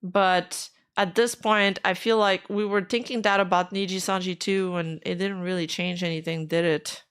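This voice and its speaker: A woman's voice: lowish voice, steady tone, moderate pace, smooth. A woman streamer giving casual commentary while reading out posts, skeptical and frustrated, speaking bluntly and swearing now and then.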